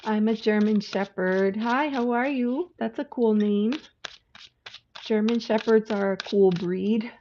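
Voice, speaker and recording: A woman's voice: mid-range voice, slow, mellow. A woman hosting a casual livestream of card readings, chatty and greeting viewers by name. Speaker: livestream tarot reader. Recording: dull lo-fi audio with faint hiss.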